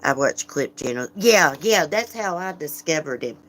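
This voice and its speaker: A woman with a low voice hosts a casual livestream. She talks frankly and chattily, laughing often and greeting viewers by name as she reads their comments. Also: lively intonation, normal speed, fairly bright tone. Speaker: livestream host.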